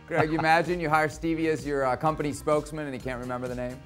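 A man hosting a sports talk show, moving briskly through questions and teasing his guests. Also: on the high side, little pitch movement, fairly bright tone, soft background music. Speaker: host.

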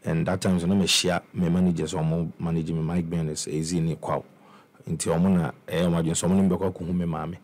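A man's voice: deep voice, flat delivery, brisk, darkish tone. A young Ghanaian man with a Ghanaian accent, telling his life story in a casual interview and mixing English with Twi, with many restarts. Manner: mixes English and Twi, frequent restarts and repeated words. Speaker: musician guest.

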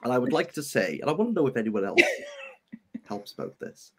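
Lively husky-voiced Welsh man. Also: mid-range voice, brisk. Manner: animated, rambling, self-deprecating asides. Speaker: book channel host. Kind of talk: casual group book chat.

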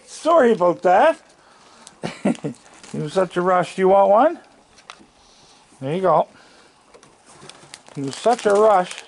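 His voice sits high, with a little hiss or hum in the recording. Filming his yard handheld from the deck, this man talks to the raccoons he feeds in a slow, gravelly, affectionate manner, just casual chatter to animals.

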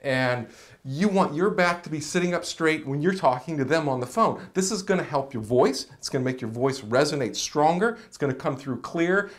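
Energetic man teaching on camera. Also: on the high side. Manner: energetic, animated, direct to camera. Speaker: career coach. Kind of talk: enthusiastic video tutorial. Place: indoors, seated on camera.

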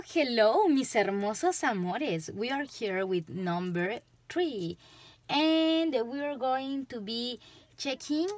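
This woman, a tarot reader with a Spanish accent, rambles chattily through a reading to camera and laughs frequently. She has a fairly high, slightly bright voice in a dry recording.

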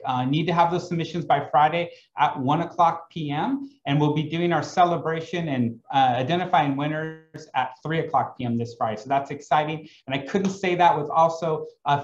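A man hosting an online event, reading announcements and introducing the speaker in an upbeat way with some fillers. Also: a little high. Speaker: host. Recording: echoey, dull lo-fi room with faint noise.

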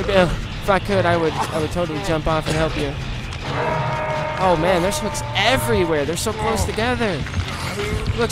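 A man with a high voice gives frantic gameplay commentary, begging, cursing and shouting as he tries to escape. Between the chases he talks quietly to his viewers. Loud music plays behind his voice. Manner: frantic, pleading and cursing at the killer, shouting in panic; quiet, relaxed asides to viewers. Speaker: gaming channel host.

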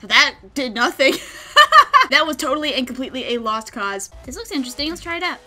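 A young woman with a high, bright voice chats through her gameplay as she plays. She gets excited easily and often breaks into squeals and laughter. The tone is casual and unscripted. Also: fairly quick, faint music behind. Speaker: gaming video host. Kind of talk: live gameplay commentary.

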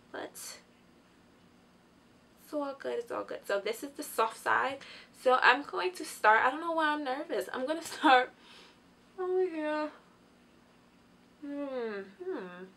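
A tired young woman casually reviewing a beauty product while sitting on the floor at home, chatty and excitable, with lots of fillers. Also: sits high, measured pace, pauses often. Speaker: beauty vlogger.

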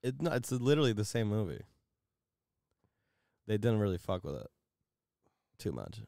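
A man's voice: on the low side, moderate pace, gravelly, dry recording, studio quality. A man co-hosting a podcast, telling crude stories with lots of laughter in casual conversation. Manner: crude, laughs a lot, animated storytelling. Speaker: podcast co-host. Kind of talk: casual chat.

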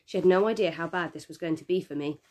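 A woman teacher reads a children's novel aloud with steady, expressive storytelling. Her voice sits a little low for a woman. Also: fast talker.

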